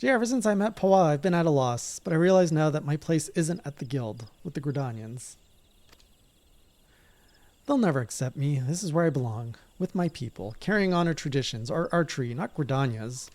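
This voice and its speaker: A man's voice: a little high, lively intonation, a little fast, a little mellow, voice pushed up. A man voicing an earnest young woman archer in a game, speaking in a pleading, heartfelt way.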